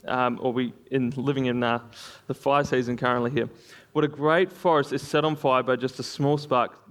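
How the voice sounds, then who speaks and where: A man's voice: mid-range voice, a bit bright. A man preaching a sermon in a conversational way, with frequent fillers and small laughs.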